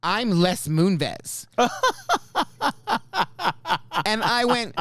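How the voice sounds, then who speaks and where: A man's voice: high voice, moderate pace, no room sound. A man hosting a podcast, telling a story in casual chat, acting out the voices and swearing freely. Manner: animated, swears freely, acts out quoted voices. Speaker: podcast host.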